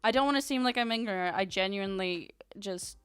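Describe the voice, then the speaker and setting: A woman's voice: medium pitch, fairly quick, fairly bright tone, clean tone. A woman streamer chatting casually and reading chat aloud, giggling often and using lots of fillers. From Ukraine.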